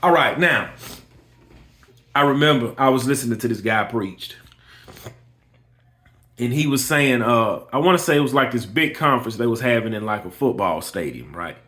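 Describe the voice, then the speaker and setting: A man's voice: mid-range voice, normal speed, fairly bright tone. A man who runs a lawn care business, giving a motivational personal talk. He speaks emphatically, often restarts and repeats phrases, and tells a story with quoted dialogue. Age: adult with kids. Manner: emphatic, repeats himself, keeps saying "listen here".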